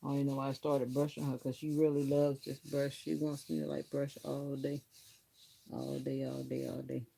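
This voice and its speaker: A woman's voice: a bass voice, flat delivery, normal speed, gravelly, warm tone, slight background noise. A woman hosting a casual livestream, rambling and chatty as she grooms her dog. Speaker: livestream host. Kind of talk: casual chat.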